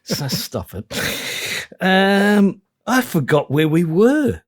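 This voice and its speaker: A man's voice: high voice, big pitch swings, slow pace. A man with an Australian accent hosting a podcast in casual chat, boisterous and loose, swearing freely. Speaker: podcast host.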